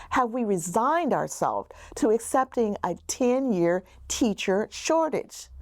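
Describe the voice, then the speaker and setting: A woman, a political candidate, reading a campaign statement in a slow, expressive, questioning way. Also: mid-range voice, dry recording, clean studio sound.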